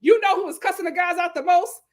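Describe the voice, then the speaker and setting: A woman's voice: extremely high pitch, fast. A woman hosting her own channel, telling a reality-show recap with sassy slang, dramatic flair and lots of laughter. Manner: dramatic, animated storytelling with frequent laughter; playful slang and sass. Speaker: YouTube show host.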